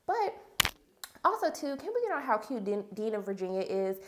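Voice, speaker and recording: A woman's voice: a little high, moderate pace, background noise. A young woman, casually recapping a TV episode and acting out the characters' lines. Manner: animated storyteller, acts out characters' lines. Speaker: TV review vlogger.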